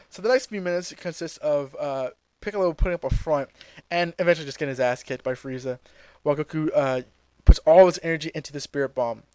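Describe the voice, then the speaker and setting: A man co-hosting a podcast, casually retelling a fight scene with lots of fillers and quick acted-out lines. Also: on the high side, darkish tone, clean tone, dry recording. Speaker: podcast co-host. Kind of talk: casual episode recap.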